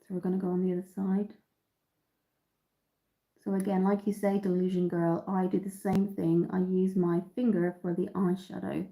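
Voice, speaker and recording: A woman's voice: lowish voice, flat delivery, normal speed, dark tone, low-quality recording. A woman from Dublin with an Irish accent, chatting through a live makeup tutorial and answering viewers, slightly nasal from an oncoming cold. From Ireland. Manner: chatty, reads out and answers viewer comments, many ums. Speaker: makeup livestream host.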